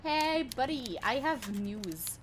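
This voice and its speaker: A woman's voice: high voice, animated, takes it slowly, a little hiss or hum. A woman streamer giving casual gameplay commentary, chatty and giggly, thinking aloud. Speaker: VTuber streamer.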